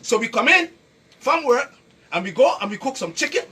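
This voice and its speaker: A man's voice: very high-pitched, sing-song, moderate pace, bright, forceful tone, husky. A man with a Caribbean accent giving a preachy, emphatic health talk, repeating his points and quizzing the people listening. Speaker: health educator. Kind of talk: lively health talk to an audience.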